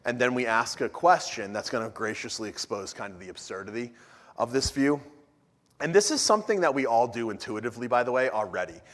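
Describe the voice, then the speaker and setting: A man giving an energetic, joking talk at a church conference, often restarting his sentences. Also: mid-range voice, fairly quick. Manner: animated, joking, frequent restarts. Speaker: conference speaker. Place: church hall. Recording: long hall reverb.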